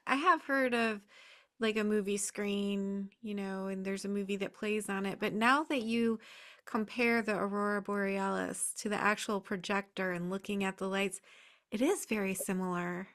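A woman's voice: mid-range voice, fairly even intonation, moderate pace, a bit bright. A woman hosting an interview, responding attentively and asking questions in a friendly, casual way. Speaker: interviewer host.

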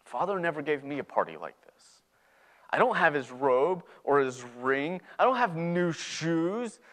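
A man's voice: mid-range voice, very animated, fairly quick, close to an everyday voice. A man playing a resentful older brother as he retells a parable in a sermon, with indignant, accusing outbursts. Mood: angry. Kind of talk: sermon storytelling.

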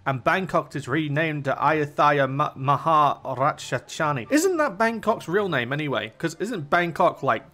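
A young man giving casual strategy game commentary, chatty and thinking aloud as he plays, often easily excited. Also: fairly high pitch. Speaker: gaming YouTuber.

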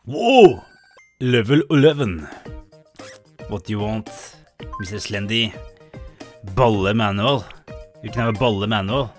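Excitable man commenting on a game. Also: measured pace, pauses often, soft background music. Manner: excitable, jumping into high exclamations. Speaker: gaming channel host.

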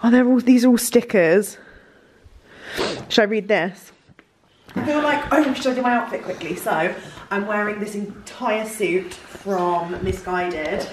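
Young woman, excited casual vlog, giddy and gushing, handheld camera, faint hiss behind. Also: medium pitch, unhurried. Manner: giddy, gushing, laughs a lot. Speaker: vlogger. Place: large holiday lodge indoors.

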